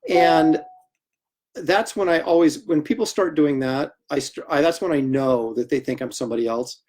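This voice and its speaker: A man hosting a livestream, chatting casually and telling animated anecdotes with laughter while he draws. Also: a little high, moderate pace. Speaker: comic artist hosting a livestream. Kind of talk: casual storytelling while drawing.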